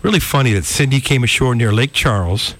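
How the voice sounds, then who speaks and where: A man giving a live weather update on the radio, slightly out of breath and halting, full of ums and uhs. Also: medium pitch, expressive, fairly bright tone. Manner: hesitant, lots of ums and uhs. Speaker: weather forecaster.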